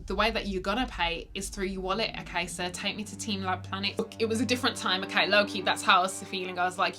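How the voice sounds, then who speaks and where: An animated young woman shares a dating story in vlog style. Her voice is bright and pushed forward, leaping from loud exclamations to quiet asides, with faint music in the background. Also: mid-range voice, a little fast. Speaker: vlogger.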